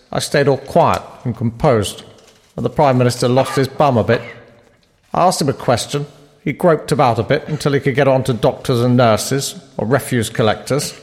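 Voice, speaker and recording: Man doing calm sarcastic opposition leader, even voice, reverby hall. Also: mid-range voice, lightly acted. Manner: measured, dry, sarcastic.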